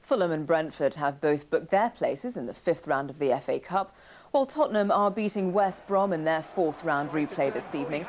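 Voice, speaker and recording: A woman news anchor reading the evening bulletin in a measured, formal way. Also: sits low, animated, darkish tone.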